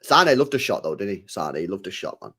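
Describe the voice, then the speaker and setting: A young man who hosts a football channel chats casually on a livestream while reading super chats. His low, husky voice is very animated, fairly quick, pushed and bright, and he repeats phrases and caps lines with "mate" and "bro."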